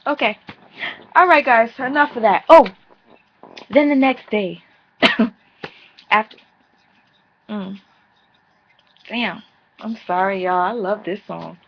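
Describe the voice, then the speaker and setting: Brief: sassy, profane woman vlogger, gravelly fry in her voice, lo-fi home recording. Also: medium pitch, slow, pauses often. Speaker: vlogger reviewing a reality show. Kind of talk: casual recap rant.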